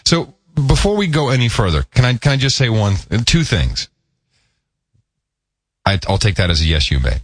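A man from the United States co-hosting a casual chat, joking and animated, over an internet call. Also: lowish voice, normal speed, pauses often, slightly rough, no room sound, clean studio sound. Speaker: podcast co-host.

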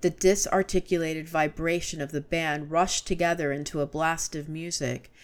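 A woman reading a classic story aloud as narrator, measured and storytelling. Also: low voice, steady tone. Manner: measured, storytelling, rising to urgent shouts in dialogue.

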